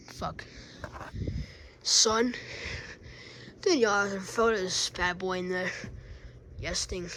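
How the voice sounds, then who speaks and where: A woman's voice: lowish voice, extremely slow, long pauses, fairly bright tone, slight background noise. A woman playing out scenes with plush toys, playfully switching between character voices and asides to viewers. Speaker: plush toy video maker.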